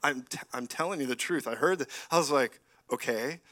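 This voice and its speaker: A middle-aged man preaching a lively charismatic sermon, animated and often laughing, rising to loud exclamations. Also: mid-range voice, a little fast.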